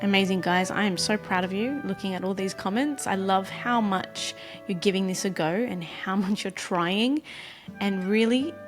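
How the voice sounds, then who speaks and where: A woman co-hosting a casual coaching chat, encouraging her listeners and slowing down to read out each question. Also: medium pitch, soft background music. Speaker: co-host leading a coaching exercise.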